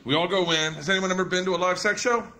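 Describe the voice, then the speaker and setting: A man's voice: high voice, fast, heavy background noise. A man in his thirties doing a stand-up routine before a live audience, telling a profane story with laughing asides. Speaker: stand-up comedian.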